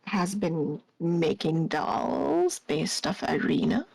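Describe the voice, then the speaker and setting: A woman speaks very slowly with a gravelly fry in her voice as she plays a tabletop game. Her words come measured and deliberate. The sound is close and dry. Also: fairly low pitch, big pitch swings, a little mellow, dry recording. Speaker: player.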